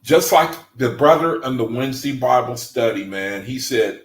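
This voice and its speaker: A man reading aloud to a study group and commenting, excitable and gushing with exclamations. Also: medium pitch, moderate pace, few pauses, roomy sound, rough recording.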